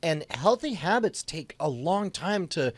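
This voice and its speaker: Rambling podcast co-host, slightly high voice. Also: male voice, sing-song, no room sound. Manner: rambling, self-deprecating, halting restarts. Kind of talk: casual podcast chat.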